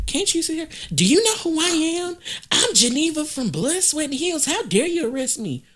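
A man mocking a haughty, indignant woman in a shrill, outraged, self-important voice. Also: big pitch swings, moderate pace, a bit bright, heavily acted.

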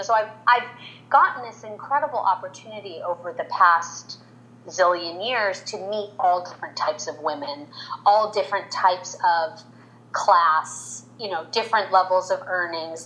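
A woman in her forties, a veteran makeup artist, telling a personal story in an interview and acting out the quoted lines. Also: low-quality recording. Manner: animated, acts out quotes in higher voice.

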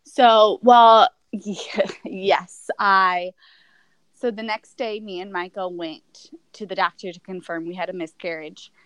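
A woman's voice: medium pitch, fairly even intonation, unhurried, clean tone, no echo, poor audio. A young woman candidly telling a personal story as a guest, rambling with many fillers and restarts.

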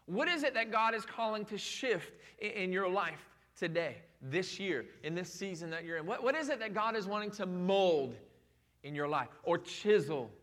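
Pastor, male, high and bright tone, chatty emphatic preaching full of rhetorical questions. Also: moderate pace. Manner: animated, emphatic repetition. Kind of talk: sermon.

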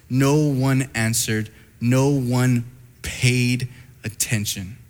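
A man preaching a sermon who retells a Bible story in an animated way and speaks directly to his listeners. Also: medium pitch, big-room sound.

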